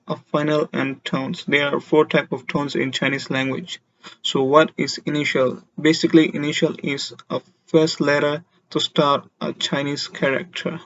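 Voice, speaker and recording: A man teaching a beginner Mandarin lesson, explaining slowly and deliberately and having learners repeat syllables after him. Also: fairly high pitch, highs cut off. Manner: slow, deliberate explanations with demonstrated tones.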